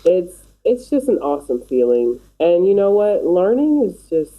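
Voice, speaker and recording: Give me an encouraging woman host with a lively, swooping voice. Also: lowish voice, normal speed, poor audio. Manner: enthusiastic, encouraging. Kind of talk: casual interview chat.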